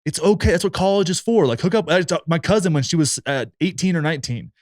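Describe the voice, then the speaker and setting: Rapid-talking blunt male podcast host. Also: on the high side, a little mellow, no echo, studio quality. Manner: fast, blunt and profane, with lots of fillers. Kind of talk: casual chat.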